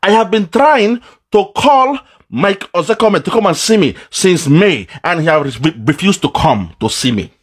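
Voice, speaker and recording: A man giving an impassioned commentary, swinging between loud outbursts and low, mournful asides. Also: expressive, moderate pace, slightly rough. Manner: dramatic, swings between shouting and low lament. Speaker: political commentator. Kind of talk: impassioned monologue.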